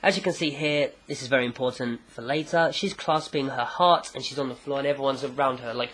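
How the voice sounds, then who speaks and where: A man casually recapping a manga chapter, animated and acting out the characters. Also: medium pitch, brisk, few pauses. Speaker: manga reviewer.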